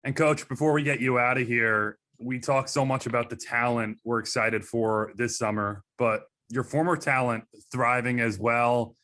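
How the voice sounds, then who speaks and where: A man's voice: mid-range voice, steady tone, normal speed, few pauses, bright, forceful tone. A man hosting a sports interview, asking polite, prepared questions. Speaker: interview host.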